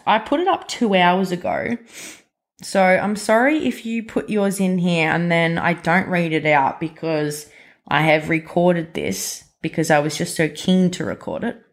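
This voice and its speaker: A woman in her twenties with an Australian accent, hosting a casual solo podcast in a chatty, emphatic way, full of fillers and quick self-corrections. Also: fairly low pitch. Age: 20s. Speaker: podcast host.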